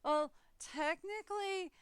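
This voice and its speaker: Chatty, high-voiced American woman streamer. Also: slow pace, no echo. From eastern United States. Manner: chatty, rambling, giggly. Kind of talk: casual live game stream chat.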